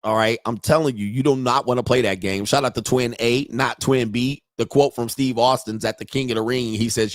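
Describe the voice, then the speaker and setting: Profane, animated male storyteller. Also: medium pitch, moderate pace, few pauses, dry recording, clean studio sound. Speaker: host. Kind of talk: casual livestream commentary.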